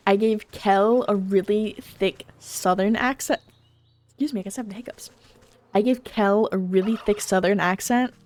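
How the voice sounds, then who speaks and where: A woman's voice: medium pitch, a little hiss or hum. A woman streamer giving casual, giggly commentary while playing a game. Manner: giggly, playful, rambling.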